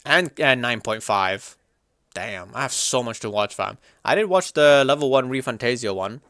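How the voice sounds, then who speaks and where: A young man livestreaming, chatting casually and reacting to chat in a slangy, animated way. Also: mid-range voice, normal speed, no room sound, clean studio sound.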